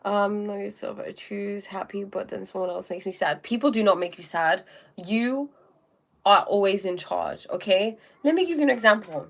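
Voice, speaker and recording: A woman's voice: mid-range voice, normal speed, creaky. Young woman host, chatty and informal, middle-range voice, talks straight to viewers. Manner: chatty, repeats "okay?" and "um", acts out little scenes. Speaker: live stream host. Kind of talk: casual live-stream talk on self-help.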